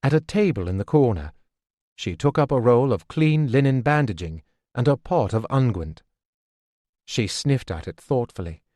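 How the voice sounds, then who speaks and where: Male audiobook narrator, mid-pitched, measured and steady; dead-dry close studio read. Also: dry recording. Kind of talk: scripted narration.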